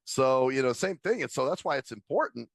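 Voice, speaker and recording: A man co-hosting a casual podcast chat, telling animated stories and laughing often. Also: medium pitch, a little fast, gravelly, no room sound, studio quality. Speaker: podcast co-host.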